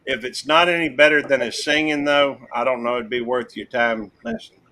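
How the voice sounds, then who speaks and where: A man's voice: mid-range voice, steady tone, a little fast, sharp tone, poor audio. A man chatting casually on a video call live stream, teasing others dryly. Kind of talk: casual chat.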